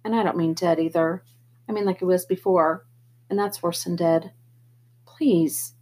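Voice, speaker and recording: A woman reading the part of a gentle teenage boy who keeps the peace between his brothers, earnest and pleading, in a breathy voice. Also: fairly even intonation, measured pace. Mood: tearful. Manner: earnest, pleading, a bit higher and louder than her narration. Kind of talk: audiobook character reading.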